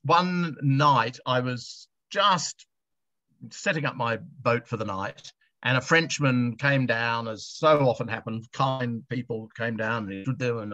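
A middle-aged Australian man tells stories over a video call, chatty and quick to laugh, often restarting his sentences. His voice is bright and forceful, in a dry space, and the sound comes through dull and lo-fi. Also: medium pitch, no room sound. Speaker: guest author. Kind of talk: anecdotal storytelling on a video chat.

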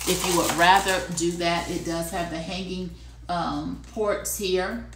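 A woman hosting a live shopping stream, chatting casually to viewers and repeating herself for emphasis, clearing her throat now and then. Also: lowish voice, fairly even intonation, a little slow, roomy sound, noisy background. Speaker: livestream shopping host. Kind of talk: casual live-selling chat.

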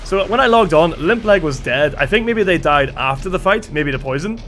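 A man commentating a live game stream with excitable energy and a slightly strained voice, thanking viewers as he goes. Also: a little high, moderate pace.

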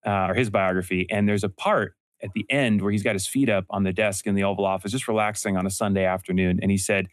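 Male guest, lower register, earnest storyteller, restarts often; dry close mic. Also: fairly even intonation, fast, few pauses, no echo. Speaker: guest entrepreneur. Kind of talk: casual interview conversation.

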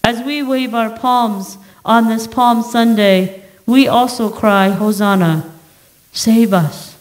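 Slow, measured woman preaching. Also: on the high side, fairly even intonation, poor audio. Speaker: pastor. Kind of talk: sermon. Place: church sanctuary.

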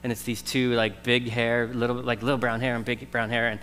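A man in his thirties preaching a conversational sermon, jumping from loud emphasis to soft, slow stressed words. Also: mid-range voice, level tone, big-room sound, a little hiss or hum. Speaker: pastor. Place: church sanctuary.

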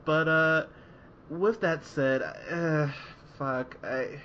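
Bright-voiced, rambling podcast movie reviewer. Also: male voice, a little high, extremely slow, a little hiss or hum. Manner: rambling, laughing, quoting in animated voices. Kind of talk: casual profane podcast chat. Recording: dull lo-fi podcast audio.

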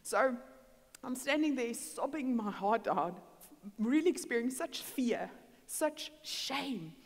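A woman's voice: on the high side, slow. A middle-aged woman, preaching and telling a personal story in a church. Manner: animated storytelling, acting out dialogue. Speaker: guest speaker. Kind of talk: sermon with personal testimony. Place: church hall. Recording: long hall reverb.

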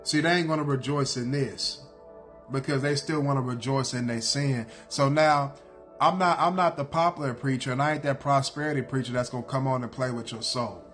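A man's voice: mid-range voice, a little fast, fairly bright tone, soft background music. A man preaching a sermon in a blunt, repetitive cadence, hammering his points again and again.

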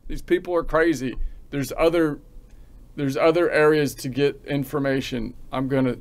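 A man from the United States ranting comically, rambling and halting with frequent restarts. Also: fairly high pitch, steady tone. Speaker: channel host. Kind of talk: comic rant.

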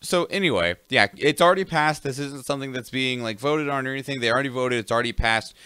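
A man's voice: medium pitch, quick pace, bright, forceful tone, smooth, no echo. A young man co-hosting a podcast, chatting casually about news stories in a laid-back way. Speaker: podcast co-host reading news.

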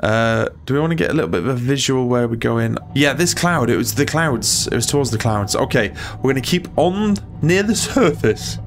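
A man's voice: mid-range voice, lively intonation, fairly quick, hardly any pauses. A man hosting a gaming channel, giving jittery let's-play commentary full of swearing and muttered self-talk. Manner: jittery, swears a lot, talks to himself.

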